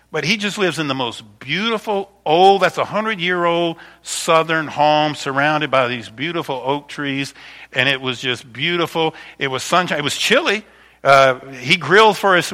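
A man in his fifties, a pastor chatting through a slideshow of stories before his sermon. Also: a little high. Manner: chatty, warm storytelling with frequent restarts.

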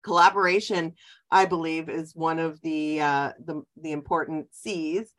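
A woman's voice: low-pitched, fairly even intonation, a little slow, a bit bright. A woman hosting a casual podcast conversation, introducing her guest and asking questions with frequent fillers and restarts. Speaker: podcast host. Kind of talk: casual interview chat.

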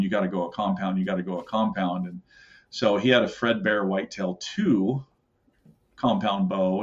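A middle-aged man telling hunting stories in a casual, rambling way, with many fillers and acted-out quotes. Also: fairly low pitch. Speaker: podcast guest, elk call maker. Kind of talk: casual storytelling. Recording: muffled lo-fi audio.

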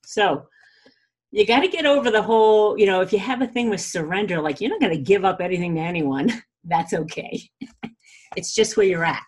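Husky-voiced woman chatting about spirituality, laughs a lot, loose and talky. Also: medium pitch, lively intonation, normal speed, darkish tone. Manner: chatty, laughs often, says "you know" and "like". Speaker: spiritual teacher. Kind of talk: casual teaching talk.

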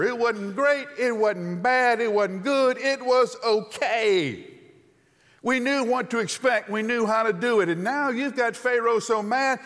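A man's voice: extremely high pitch, fairly bright tone, pitched above the performer's own voice. A man preaching, voicing a grumbling crowd of enslaved workers who whine and complain. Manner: whining, complaining. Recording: long hall reverb.

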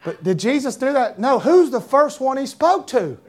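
A man's voice: extremely high pitch, normal speed. A man preaching a sermon, quoting King James scripture and building to fervent cries. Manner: animated preaching, reading scripture in King James wording, rising to shouts.

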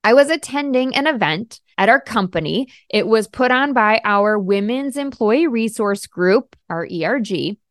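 A middle-aged woman hosting a coaching podcast, upbeat and emphatic, slowing down to stress key points. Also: a little high, expressive, dry recording, studio quality. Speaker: podcast host and life coach. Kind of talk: podcast monologue.

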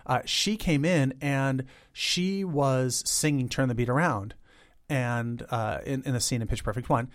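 Middle-aged male guest, animated and chatty, mid pitch, quick to demo sounds vocally. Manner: animated, imitates instruments with his voice; chatty, many "like" fillers. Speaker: guest, a cappella arranger. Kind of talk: interview conversation.

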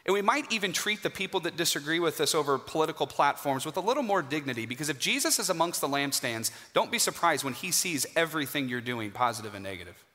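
A man preaching a sermon in a church, emphatic and dramatic, with pauses for effect. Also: on the high side, big pitch swings, bright, forceful tone. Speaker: guest preacher. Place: church sanctuary. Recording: hall reverb.

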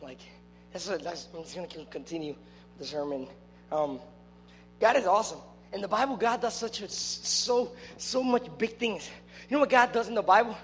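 A young man with a very high voice preaches to a youth group in a casual, joking way, now and then shouting with excitement. His voice rings with long reverb in a large hall, with faint music underneath. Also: moderate pace. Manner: playful, joking, bursts into loud excited shouts.

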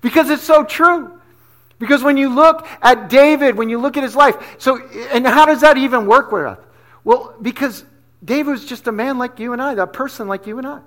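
A man's voice: very high voice, normal speed, a bit bright. A male pastor giving a sermon in a casual, conversational way, dropping slang asides as he teaches.

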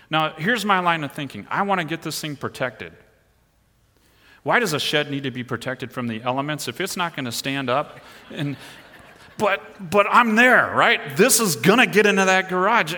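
Middle-aged pastor, bright, in a reverberant hall. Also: male voice, mid-range voice. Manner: animated storytelling, rising and pushing hard at the exciting parts. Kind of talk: sermon with personal story.

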